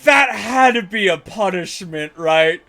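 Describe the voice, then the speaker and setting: Excitable man commenting on gameplay. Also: high-pitched. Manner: excitable, swearing, quick reactions. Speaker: video game streamer.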